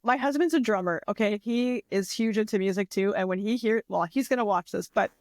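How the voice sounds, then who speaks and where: A young woman co-hosts a relaxed podcast, rambling cheerfully and breaking into laughter. Her voice sits mid-range. The recording is dry, with little room sound. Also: mid-range voice, brisk, no echo. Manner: animated, laughs a lot, rambling. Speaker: podcast co-host and author. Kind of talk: casual chat.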